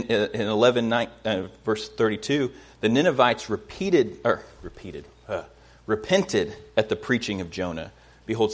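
An earnest male preacher giving a sermon in an ordinary, mid-pitched voice. He often stumbles over and repeats words as he begins a phrase, then climbs higher in pitch when he drives a point home. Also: breathy edge.

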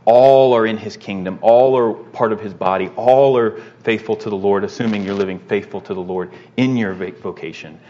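Man, lowish voice, Bible class lesson, conversational with fillers, dull lo-fi recording. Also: fairly even intonation, normal speed, few pauses, warm tone, a little hiss or hum. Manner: conversational, with fillers and repeated rhetorical "right?".

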